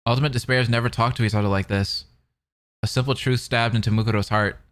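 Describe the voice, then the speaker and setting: A man's voice: mid-range voice, steady tone, fast talker. A young man streaming, reading a novel aloud between rambling, filler-heavy casual chat with viewers. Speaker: streamer reacting to a fan dub.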